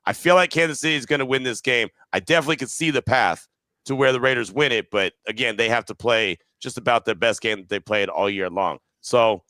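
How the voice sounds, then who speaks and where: Bright-voiced man hosting a sports podcast. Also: mid-range voice, fairly quick, dry recording. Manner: analytical, often ends points with "right?". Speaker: podcast host. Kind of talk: casual sports podcast talk.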